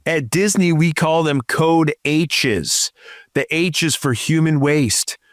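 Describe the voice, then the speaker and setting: A man co-hosts a relaxed podcast, reading out listener details and tossing in dry little remarks. His voice sits a touch high. The sound is close and dry, with no room around it. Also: takes it slowly, no echo. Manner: reads listener profiles aloud with dry asides. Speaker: podcast co-host. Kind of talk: casual podcast chat.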